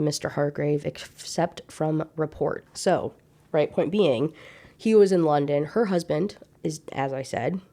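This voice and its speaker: A young woman vlogger chattily recapping a classic novel, with lots of casual fillers. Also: low-pitched. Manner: chatty, animated, many "like" fillers. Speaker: book review vlogger.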